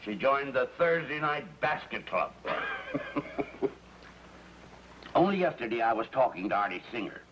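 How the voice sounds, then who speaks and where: An actor playing a grumbling middle-aged suburban husband, eager and gossipy, in 1950s sitcom acting. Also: male voice, mid-range voice, big pitch swings, a little slow, long pauses, a bit bright. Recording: dull lo-fi 1950s TV soundtrack with faint hiss.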